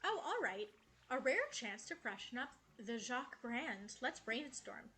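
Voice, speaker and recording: A woman's voice: a little high, sing-song, unhurried, sharp tone, heavily acted. A woman voicing an upbeat, self-promoting male bird villager from a cozy game, reading the lines aloud playfully. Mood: eager.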